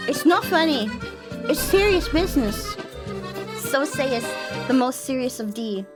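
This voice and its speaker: A woman streamer chatting casually on a live stream, playful and teasing, laughing often and breaking into sing-song and shouty squeals, on a boom mic. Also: expressive, measured pace, music in the background.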